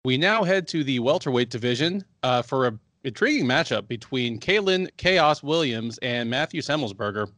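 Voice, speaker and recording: A man co-hosting a sports podcast, reading a fight preview full of records and betting odds in a measured way. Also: medium pitch, animated, fairly bright tone, no room sound, studio quality. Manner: measured, stat-heavy delivery. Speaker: co-host.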